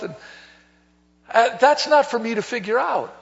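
Male pastor, high-pitched, conversational but emphatic sermon, long church echo on a dull lo-fi recording. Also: moderate pace, fairly bright tone. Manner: conversational storytelling with emphatic exhortation. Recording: long hall reverb, dull lo-fi sound.

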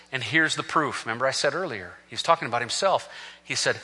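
A man preaching an impassioned sermon, swinging from hushed talk to shouting, in a large echoing hall. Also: medium pitch, animated, fast, slightly rough. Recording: long reverb of a large hall.

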